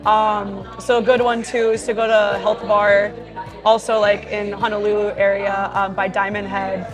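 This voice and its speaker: A young woman from Hawaii chats about her sport in a casual Q&A, upbeat and loose, full of "like" and "you know". Her voice sits at an ordinary middle pitch. Clear music plays underneath her. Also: level tone, moderate pace, rough recording. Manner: chatty and upbeat, with many fillers like "like" and "you know". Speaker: professional volleyball player. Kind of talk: casual Q&A, reading fan questions aloud and answering. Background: background music.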